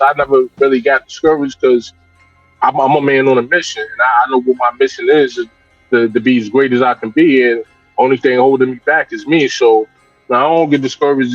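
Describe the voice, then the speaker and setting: A man's voice: mid-range voice, no echo. Candid male artist on a dull, dry line. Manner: candid and reflective, with frequent restarts. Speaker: guest hip hop and R&B artist. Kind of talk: casual interview talk.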